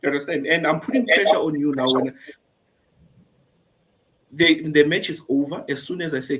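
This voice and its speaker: A man's voice: fairly high pitch, lively intonation, a little fast, long pauses, noisy background. A man speaking frankly and earnestly as a guest on a discussion panel, giving advice. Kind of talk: candid personal panel talk.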